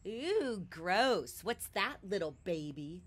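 A woman's voice: mid-range voice, sing-song, slow pace, fairly bright tone, slightly rough, exaggerated voice. A woman voicing a mean young schoolboy who taunts and mocks in a picture-book reading. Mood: sneering. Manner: taunting, mocking. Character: sneering mean schoolboy bully.

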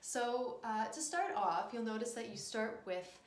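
A woman's voice: fairly high pitch, animated, a little slow. A young woman teaching a short piano lesson, upbeat and encouraging, speaking straight to the student between played passages. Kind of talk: friendly mini lesson with piano demonstrations. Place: room with a piano. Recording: echoey room with loud piano.

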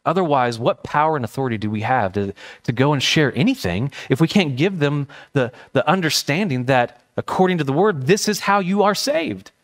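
A man's voice: fairly high pitch, animated, fairly quick, hardly any pauses. A male pastor preaching a sermon, earnest and impassioned, telling personal stories. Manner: storytelling with personal anecdotes. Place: church.

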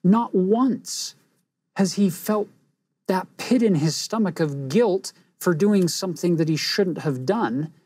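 A woman teaching a scripture lesson in an earnest, reflective way, pausing for emphasis. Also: lowish voice, expressive, dark tone, breathy edge, dry recording.

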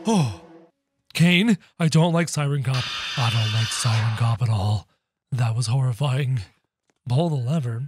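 A man hosting a gaming video with excitable, theatrical commentary, often yelping and shrieking. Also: medium pitch, unhurried, over music.

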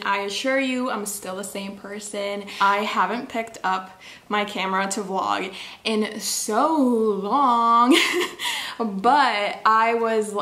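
A woman's voice: medium pitch, fairly bright tone. A young woman chatting casually on her book vlog, bubbly and rambling, full of "like"s. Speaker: book vlogger. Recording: echoey room.

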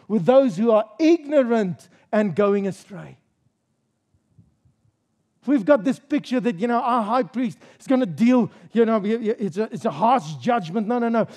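A man's voice: high-pitched, dark tone. A male pastor preaching a sermon in a church service, stressing his points with rhetorical questions and repeated phrases.

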